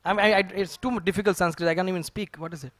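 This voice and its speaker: Guy preaching, very high voice, bright, chatty storytelling, dry close sound. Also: quick pace, no room sound. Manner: lively storytelling, chuckling, conversational. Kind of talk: sermon. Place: temple hall.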